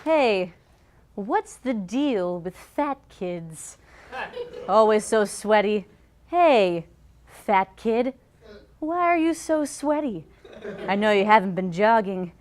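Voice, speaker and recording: A young woman hosting a comedy show, doing a stand-up monologue in an awkward, self-deprecating deadpan way. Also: mid-range voice, slow pace, long pauses, a little hiss or hum. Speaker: host. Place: studio with live audience.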